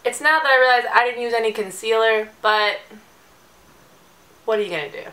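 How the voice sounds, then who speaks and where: A woman's voice: fairly high pitch, fairly quick, bright, forceful tone, poor audio. A young woman giving a chatty, jokey makeup tutorial as a beauty vlogger.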